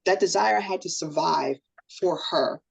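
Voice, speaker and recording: Husky, gravelly middle-aged woman. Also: on the low side, moderate pace, low-quality recording. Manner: emotional, earnest storytelling with lively quoted voices. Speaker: guest. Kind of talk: personal story in a podcast chat.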